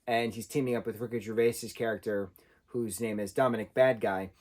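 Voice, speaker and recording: A man's voice: lowish voice, steady tone, a little fast, darkish tone. A man giving a casual spoken film review, talking loosely and correcting himself as he goes. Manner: conversational, self-correcting, loosely rambling.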